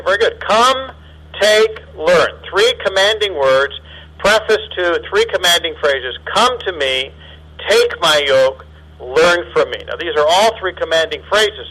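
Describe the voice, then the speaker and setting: A man's voice: fairly high pitch, pushed and bright, husky, rough recording. A man giving a sermon as a circuit overseer, asking his audience questions and chuckling often. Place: meeting hall before an audience.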